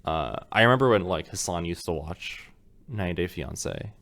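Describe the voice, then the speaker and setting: A man's voice: low-pitched, expressive, brisk, gravelly, slight background noise. A young man telling a story in casual podcast chat, rambling with lots of "like" and acting out quotes. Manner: rambling storyteller, acts out quotes with many fillers. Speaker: podcast co-host.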